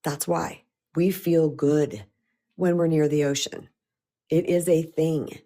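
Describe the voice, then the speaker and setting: Chatty middle-aged woman coach, lowish voice. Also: takes it slowly. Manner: chatty, animated, with frequent restarts. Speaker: spiritual empowerment coach. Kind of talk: casual live-stream talk.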